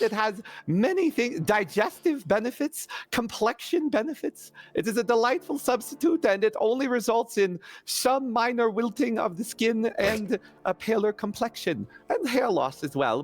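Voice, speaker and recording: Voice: mid-range voice, expressive, normal speed, few pauses, natural voice. A tabletop player voicing a curmudgeonly, wrinkled creature of the night who fawns, mutters and wheedles. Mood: wheedling. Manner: muttering, fawning, theatrical.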